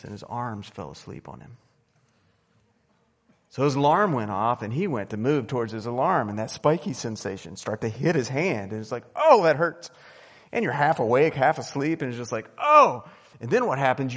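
Man preaching in a reverberant hall. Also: mid-range voice. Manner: conversational storytelling, lively swings between loud and soft. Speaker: pastor. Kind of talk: sermon. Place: church sanctuary.

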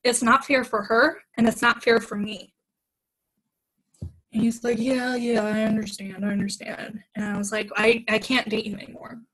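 A young woman with a fairly high voice tells a dating story on a podcast. She retells it in casual chat, slipping into the voices of the people she quotes and laughing as she goes. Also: normal speed, low-quality recording. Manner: animated retelling with quoted dialogue, laughs often. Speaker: podcast guest.

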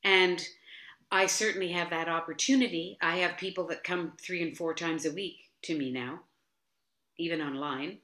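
A woman's voice: lowish voice, moderate pace. A woman dance teacher as a guest, chatting animatedly and telling stories. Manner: animated storytelling, frequent "you know". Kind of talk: casual interview chat. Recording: roomy echo.

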